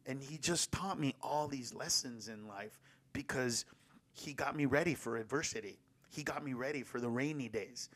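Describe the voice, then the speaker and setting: A man hosting a podcast, telling stories in a lively, casual way, swearing freely and dropping in Spanish words, close on a studio mic. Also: medium pitch, normal speed. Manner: animated, profane, mixes in Spanish words. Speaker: podcast host. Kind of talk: casual storytelling chat.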